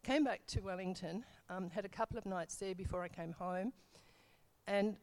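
A woman's voice: mid-range voice, normal speed, a little mellow. A middle-aged woman telling her church testimony in a casual, rambling way, full of fillers and self-corrections.

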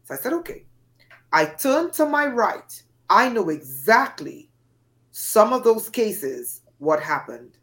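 A woman's voice: a little high, sing-song, slow pace, a bit bright. A woman from Trinidad and Tobago, a podcast guest, telling a dramatic personal story with emphatic, acted-out voices. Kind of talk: storytelling in an interview.

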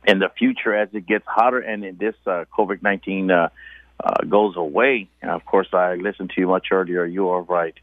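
A man's voice: sits low, steady tone, a little fast, dry recording. Male fishing guide phoning in, hesitant delivery, tinny phone line. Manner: hesitant, many filler sounds. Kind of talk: phone interview. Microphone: telephone.

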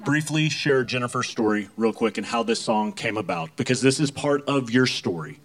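A man's voice: medium pitch, sing-song, normal speed, vocal fry. A man hosting a casual on-air interview, upbeat and teasing, sometimes slipping into an announcer's delivery. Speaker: radio host interviewer.

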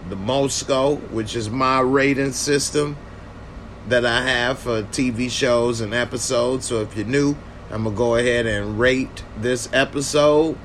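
A man's voice: mid-range voice, fairly bright tone, a little hiss or hum. A man casually reviewing a TV episode and answering viewer comments in a loose, conversational way. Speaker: TV show reviewer. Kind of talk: casual reaction video commentary.

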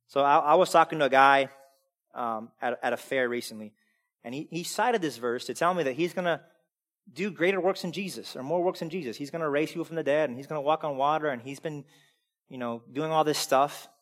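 A man preaching a sermon as pastor, emphatic, swinging between loud preaching and quiet asides. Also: a little high, fairly quick. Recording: long hall reverb.

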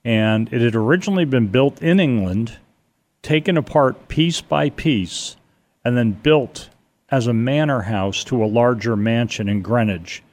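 An older man from Connecticut, telling a long personal story in a rambling, animated way, with many restarts. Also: mid-range voice, a little slow. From Connecticut, USA. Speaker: guest telling a ghost story. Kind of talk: casual storytelling on radio.

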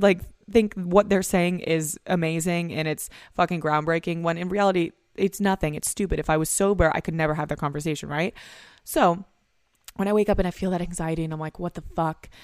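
Low-voiced rambling young woman, anxious podcaster. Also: dry recording, studio quality. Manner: rambling and candid, swears freely, many likes. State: anxious and hungover. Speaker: podcast host. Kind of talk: solo podcast monologue.

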